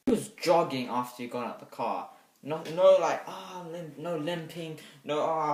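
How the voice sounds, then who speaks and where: A young man reviewing a movie in a rambling, hesitant way, with sudden loud bursts of excitement. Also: fairly high pitch, normal speed. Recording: echoey room, mic set back.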